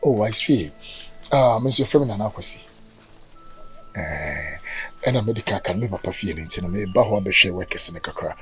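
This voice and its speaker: Fields: a man playing a smooth-talking Ghanaian flirt. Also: fairly low pitch, lively intonation, normal speed, long pauses, soft background music, natural voice, low-quality recording. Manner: smooth-talking, reassuring, persistent. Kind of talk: Ghanaian drama acting, mixing Twi and English.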